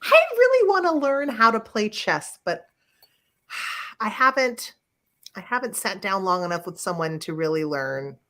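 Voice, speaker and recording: A woman's voice: medium pitch, very animated, measured pace. A woman co-hosting a casual livestream chat who laughs often and sounds a little tired. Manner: laughs often, warm responder. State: tired from covid fatigue. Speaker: co-host.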